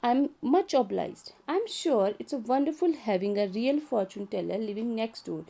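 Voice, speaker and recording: A woman's voice: on the high side, lively intonation, normal speed, creaky, mellow. A woman teacher reading aloud the part of a pleasant, nervous woman in her forties who speaks politely and hesitantly. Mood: timid.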